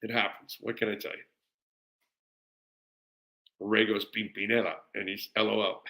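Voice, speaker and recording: A man's voice: on the low side, little pitch movement, a little slow, gravelly, sharp tone. A middle-aged man hosting a live show, chatting casually and gushing enthusiastically as he answers viewer comments, rambling with fillers and repeated words. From United States. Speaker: sports radio host.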